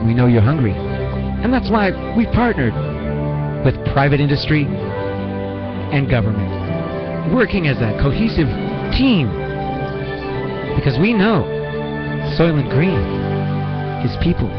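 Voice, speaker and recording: A man voicing a solemn corporate announcer in a mock radio advertisement, with a grand, slogan-like, drawn-out delivery. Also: mid-range voice, highs cut off.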